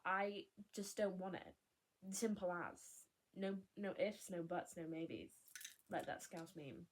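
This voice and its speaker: A woman's voice: lowish voice, slow. A young woman vlogger chatting candidly, rambling and cutting herself off with laughs. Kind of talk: casual chat.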